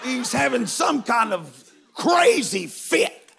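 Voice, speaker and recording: A man preaching a humorous storytelling sermon to a live congregation in a large church, folksy and emphatic, breaking into shouts. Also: very high voice, big pitch swings, takes it slowly, gravelly, faint music behind, some chatter behind. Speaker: guest preacher.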